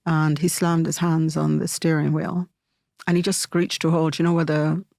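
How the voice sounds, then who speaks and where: A middle-aged woman, an interview guest telling a personal story in a halting way, with many fillers and restarts. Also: low voice, little pitch movement, vocal fry, a little mellow, dry recording, studio quality.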